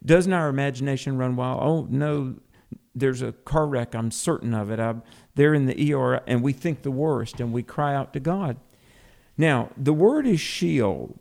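A man with a medium-pitched, slightly mellow voice co-hosts a conversational Bible teaching. He is earnest, explains terms, and often repeats words as he begins a thought.

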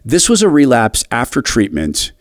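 A middle-aged man hosting a radio commentary, telling a personal story in an earnest, halting way with frequent restarts. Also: huge pitch swings, no room sound, studio quality. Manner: earnest, halting, with restarts and a wide pitch swing.

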